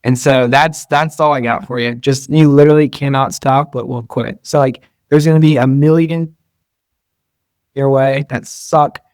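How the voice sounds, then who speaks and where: A man's voice: mid-range voice, steady tone, moderate pace, darkish tone, no room sound. A man being interviewed as a guest, talking casually and rambling, with lots of fillers and restarts. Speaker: guest entrepreneur.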